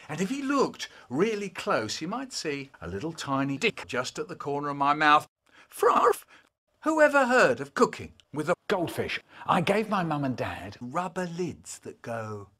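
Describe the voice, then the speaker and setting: A man telling children's stories, spliced into a comedy remix, with animated delivery, sudden shouts and silly voices. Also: a little high. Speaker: children's poet reading stories.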